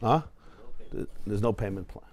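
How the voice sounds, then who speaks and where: A man, a rabbi, teaching a Torah class to a live audience in a study hall, animated and storytelling with humor, mixing in Hebrew terms. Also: lowish voice, normal speed. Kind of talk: lively Torah class lecture.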